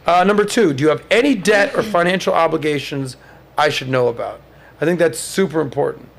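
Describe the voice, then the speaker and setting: A man in his thirties hosts a loose podcast conversation, telling stories with lots of energy. His voice sits a little high for a man, and he breaks into shrill mocking impressions when quoting others. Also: fairly quick, creaky. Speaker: podcast host. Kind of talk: casual chat.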